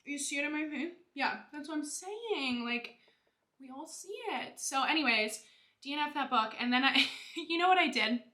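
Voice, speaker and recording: A bubbly young woman talks to her viewers while doing her makeup. Her voice is bright and a little high. The sound has an echoey room around it. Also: animated, normal speed. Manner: bubbly, gushing, lots of "like" and "you guys". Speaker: beauty vlogger.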